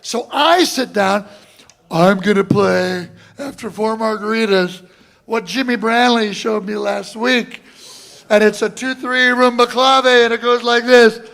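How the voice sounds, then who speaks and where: A man teaching a drum masterclass, telling a long story in an animated way and acting out other people's voices with shouts. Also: sits high, measured pace, creaky. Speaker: drum clinician. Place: college classroom before an audience.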